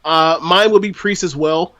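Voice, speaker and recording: A man from Florida, guesting on a podcast, chats casually about wrestling reviews, talkative and circling his points with lots of fillers. His voice is on the high side with fairly even intonation, a moderate pace, and a bright, forceful tone.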